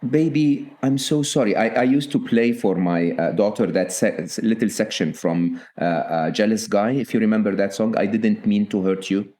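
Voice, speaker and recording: A man's voice: medium pitch, mellow. A middle-aged man, a guest author on a podcast, talking earnestly and often checking in with "okay?". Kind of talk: podcast interview.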